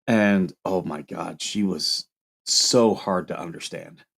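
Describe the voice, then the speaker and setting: A man's voice: deep voice, slow pace, vocal fry, fairly bright tone, husky. A man from Ohio with a Midwestern accent, hosting a casual livestream and chatting with viewers. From Toledo, Ohio. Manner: rambling, chatty, reacts to chat comments. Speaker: livestream host.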